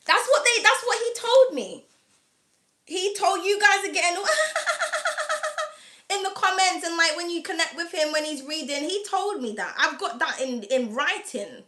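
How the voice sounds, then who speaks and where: A woman's voice: very high voice, big pitch swings, moderate pace, pushed and bright, echoey room. A woman hosting an astrology reading channel, chatting casually and bluntly to camera, swearing freely. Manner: frank and blunt, swears freely, laughs often. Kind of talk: casual candid chat to camera.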